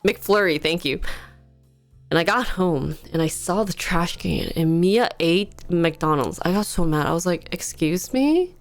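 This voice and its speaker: A woman's voice: on the low side, a little slow. Chatty woman streamer, faint music behind. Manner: chatty storytelling, frequent laughter. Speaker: livestreamer. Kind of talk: casual livestream chat.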